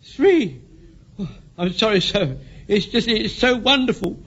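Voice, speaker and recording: An excitable old butcher, very high-pitched. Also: male voice, a little slow, husky, heavily acted. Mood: eager. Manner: eager, breathless and fussy. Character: elderly excitable male butcher, a devoted Home Guard corporal. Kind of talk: 1970s radio sitcom acting. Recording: dull old radio recording.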